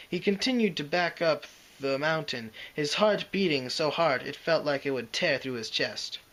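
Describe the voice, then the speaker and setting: A man reading fan fiction aloud, expressive and dramatic, with occasional slips and restarts. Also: on the high side, moderate pace, poor audio. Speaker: reader.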